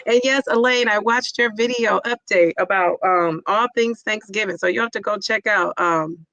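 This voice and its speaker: Chatty woman with a gravelly voice. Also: medium pitch, normal speed, a bit bright, no room sound. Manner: chatty, reads viewer comments aloud and cheers them on. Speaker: vlogger hosting a live chat. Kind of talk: casual live-stream chat.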